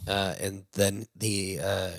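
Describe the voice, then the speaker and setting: A low-voiced man retells a movie plot casually, tripping over his words with plenty of fillers. He laughs every so often, and his voice sounds close and dry, with no room echo. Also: fairly even intonation, slow pace, vocal fry. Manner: rambling, with many fillers and restarts; laughs while talking. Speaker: movie review show host.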